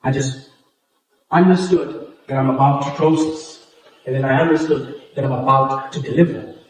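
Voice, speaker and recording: A man's voice: mid-range voice, steady tone, normal speed, distant mic. A public speaking coach, a man whose first language is Xhosa, speaks English with a South African Xhosa accent. He teaches a workshop, explaining and repeating points and demonstrating as he goes. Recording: very echoey room, voice from afar.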